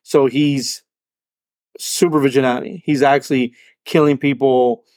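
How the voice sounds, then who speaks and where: A man's voice: mid-range voice, fairly even intonation, measured pace, a little mellow, no echo. A man talking in a loose casual chat as a podcast co-host, rambling, repeating words and swearing.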